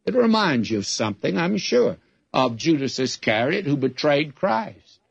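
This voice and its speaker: A man, a pastor, preaching a sermon and reading scripture, with measured delivery that slows for emphasis. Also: on the high side, sing-song, creaky, breathy edge, dry recording. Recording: dull, dry lo-fi recording.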